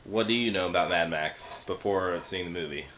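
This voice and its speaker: A man co-hosting a casual movie chat, chiming in with short, dry, deadpan remarks. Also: sits low, normal speed, a little hiss or hum. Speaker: co-host of a movie review.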